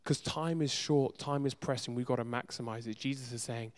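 A man's voice: medium pitch, fairly even intonation, brisk, hardly any pauses. A man preaching a sermon with emphasis, firing off rhetorical questions and repeating words for stress. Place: church in a city.

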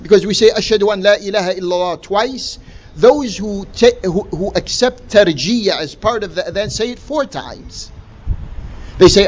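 A man's voice: sits high, lo-fi sound, slight background noise. A man giving a religious lecture, emphatic and full of rhetorical questions. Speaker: Islamic lecturer.

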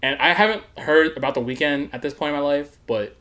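A man's voice: fairly high pitch, a little fast, bright, forceful tone. A young man hosting a podcast, telling a story in casual chat, laughing often and swearing freely. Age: young adult. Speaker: podcast host.

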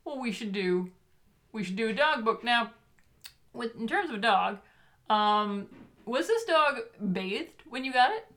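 A woman's voice: on the high side, sing-song, a little slow, long pauses, fairly bright tone. Playful teasing woman co-host. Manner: playful, teasing, jokey asides. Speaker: podcast co-host. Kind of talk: casual chat.

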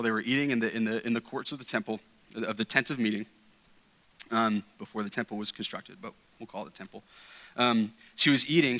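A man preaches a sermon with a bright, forceful edge to his voice. He talks earnestly and emphatically, circling back on his words and dropping in casual asides as he teaches. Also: mid-range voice, low-quality recording. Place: church sanctuary.

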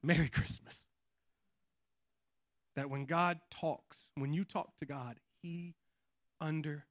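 A male pastor preaching a sermon in church, telling a family story with lively animation and often dropping to a hush before building up to a shout, with repeated asides like "watch this.". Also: fairly high pitch, slow pace, no echo, studio quality. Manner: repeats catchphrases like "watch this" and "you know what I mean".

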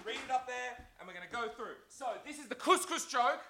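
A man's voice: very high-pitched, animated, a little fast, bright, forceful tone, a little hiss or hum. A man doing live stand-up on a comedy stage, roasting people in the audience with crude, mocking banter.

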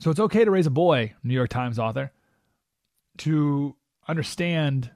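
A man's voice: fairly high pitch, animated, unhurried, a little mellow, dry recording, clean studio sound. A man hosting a radio talk show, giving an emphatic, opinionated monologue and acting out the voices he quotes. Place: radio studio.

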